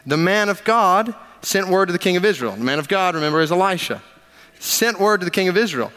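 Male pastor, slightly higher voice, preaching conversationally with wry asides; big reverberant sanctuary. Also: animated, brisk, bright, forceful tone. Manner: conversational, emphatic, with joking asides. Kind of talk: sermon with scripture reading. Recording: long reverb of a large hall.

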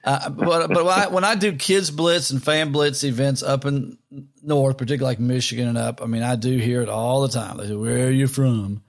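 Southern man, mid pitch, easygoing, joking podcast co-host. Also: steady tone, fairly quick. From Kentucky. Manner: easygoing, joking, with many restarts. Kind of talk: casual podcast chat.

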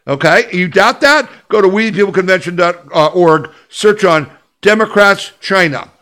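This podcast host is a man whose voice sits high and sounds a bit bright. His opinion commentary is forceful and confrontational, full of repeated points and rhetorical questions aimed at the listener.

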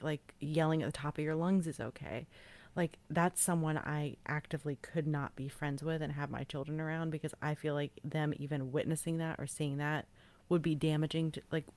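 Low-voiced woman cohost just chatting away, rambles and corrects herself. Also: a little mellow. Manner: talkative, laughs often, self-correcting. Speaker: podcast co-host. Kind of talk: casual chat. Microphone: remote recording platform.

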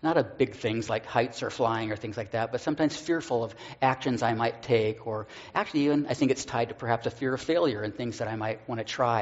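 A man's voice: medium pitch, highs cut off. A man, a pastor, sharing a personal story in a sermon, earnest and self-deprecating, with stammered restarts.

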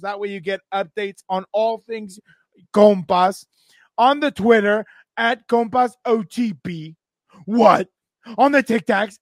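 A man opening a sports podcast, loud and hyped, shouting catchphrases and plugs. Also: high voice, no echo. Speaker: podcast co-host.

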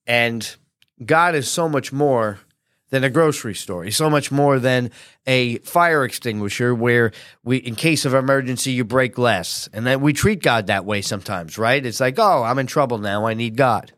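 A male pastor preaching in a relaxed, conversational way, often tossing tag questions to his listeners. His voice sits at an ordinary middle pitch. The sound is close and dry, with no room echo. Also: moderate pace. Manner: animated acted-out quotes. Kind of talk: conversational sermon teaching.

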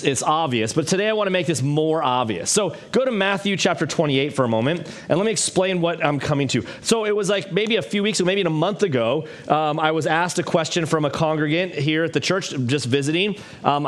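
A man preaching a sermon in a church, his voice pitched a little high. He talks in a casual, conversational way, rises and drops a lot as he makes his points, and drops in jokes at his own and the congregation's expense. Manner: conversational, animated, self-deprecating humor. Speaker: pastor.

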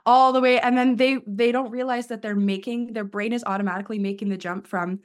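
A woman's voice: a little high, fairly even intonation, a little fast, clear, resonant tone. A woman life coach speaking as an interview guest, explaining her approach and acting out the inner voices of her clients.

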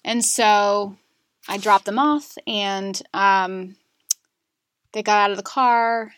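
A woman in her thirties, a podcast guest, telling a painful personal story candidly, with many fillers and pauses. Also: medium pitch, a bit bright, clear, resonant tone, no echo, studio quality. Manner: candid, emotional, frequent fillers. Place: Charlotte area.

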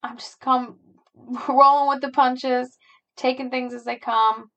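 A young adult woman hosting a podcast, talking through her feelings in a halting, searching way, with frequent sighs and fillers. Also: high voice, little pitch movement, bright, forceful tone, poor audio. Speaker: podcast host. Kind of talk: personal reflective monologue.

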